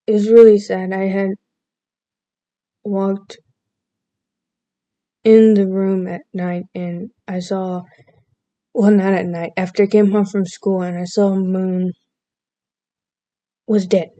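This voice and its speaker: A woman's voice: mid-range voice, little pitch movement, slow, long pauses, mellow, no echo. A woman vlogger casually telling a personal story, chatty and playfully overdramatic, laughing at herself now and then.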